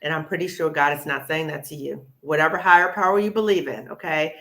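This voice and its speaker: A woman's voice: low voice, quick pace, a bit bright. A woman hosting a live panel discussion, encouraging and emphatic, often saying "okay?" and "sis". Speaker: host.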